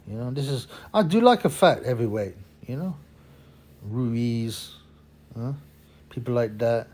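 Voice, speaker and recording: A man's voice: mid-range voice, animated, a little slow, a little mellow. A man, hosting his own boxing channel in a rambling, opinionated casual monologue full of fillers and restarts.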